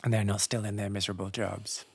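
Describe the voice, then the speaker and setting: A podcast host in a relaxed casual interview who laughs along and asks follow-up questions. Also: low voice, fast talker, husky, dry recording.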